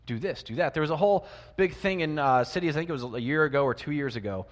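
A man with a fairly high voice preaches a sermon, firing rhetorical questions at his congregation. He swings between loud emphasis and hushed asides, and his voice carries a long reverb from a large church hall. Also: expressive, fast talker.

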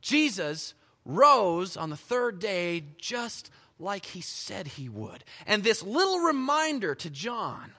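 A man preaching a sermon as pastor, telling the story with animated energy and dropping to soft, quiet stretches. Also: high voice, takes it slowly. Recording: long hall reverb.

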